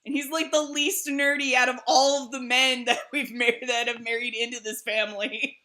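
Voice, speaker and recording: A woman's voice: sits high, moderate pace. A woman hosting a livestream, chatting casually and telling family stories with lots of laughter. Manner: laughing, animated storytelling. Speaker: livestream host. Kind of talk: casual chat.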